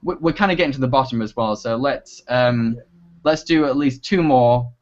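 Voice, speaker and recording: A man hosting a casual livestream Q&A as an internet reviewer, chatty and quick to laugh, often trailing off and restarting. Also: mid-range voice. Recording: dull lo-fi livestream audio.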